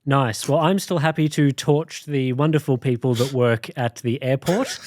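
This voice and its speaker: A man's voice: mid-range voice, normal speed, a little mellow, no room sound, clean studio sound. An Australian man co-hosting a podcast, chatting casually with wry jokes. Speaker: podcast co-host. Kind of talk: casual chat.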